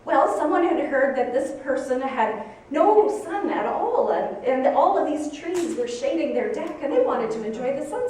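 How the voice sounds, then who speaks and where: A woman giving a spiritual talk to a congregation, telling a story with animated, dramatic outbursts. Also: high voice, normal speed. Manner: animated storytelling, acting out her own shocked outbursts. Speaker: speaker giving a Sunday talk. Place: church hall with audience. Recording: echoey hall from far off.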